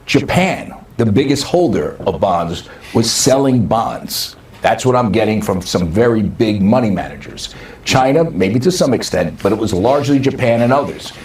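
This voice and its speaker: A man's voice: on the low side, very animated, moderate pace, a little mellow. Confident male reporter, distant roomy clip. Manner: confident, insider tone. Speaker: business reporter. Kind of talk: played news commentary clip.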